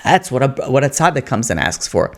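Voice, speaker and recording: A man, a rabbi, giving a Torah lecture, telling stories with animated emphasis and weaving Hebrew and Yiddish terms into his English. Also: brisk. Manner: animated storytelling, rising pitch for emphasis.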